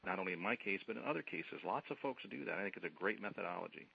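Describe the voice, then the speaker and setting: A man's voice: low voice, animated, rapid-fire, creaky. A man chatting casually about his dogs, hesitant and repeating words as he goes. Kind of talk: casual conversation. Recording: muffled lo-fi sound with faint noise.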